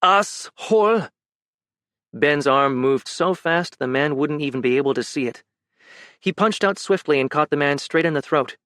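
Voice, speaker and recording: A man reading fantasy fiction as an audiobook narrator, measured and even. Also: a little high, dry recording, studio quality.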